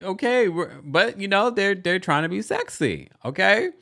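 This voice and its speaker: A man hosting a casual livestream recap, chatty and animated, often breaking into exaggerated quotes of the people he talks about. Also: normal speed, gravelly. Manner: animated, chatty, slips into quoting people in exaggerated high voices. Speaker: podcast host recapping a reality show.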